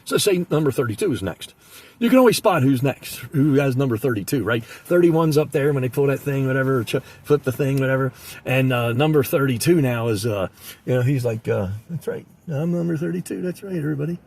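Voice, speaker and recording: A man delivering a comic monologue in an animated way, slipping into the voices of the people he describes. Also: medium pitch, a little fast. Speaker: comedic storyteller.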